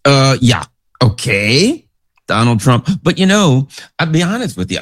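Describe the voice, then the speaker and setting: A man giving casual, sarcastic political commentary, rambling through stories and asides. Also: mid-range voice.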